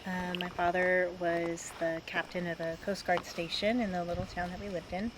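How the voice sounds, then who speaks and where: A woman from Maine recounts a memory at an easy pace, pausing to find her words. Her voice is on the low side. Clear outdoor traffic noise sits behind her. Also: flat delivery. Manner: unhurried, searching for words. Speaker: guest sharing a story. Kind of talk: personal storytelling. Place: outdoors beside a road.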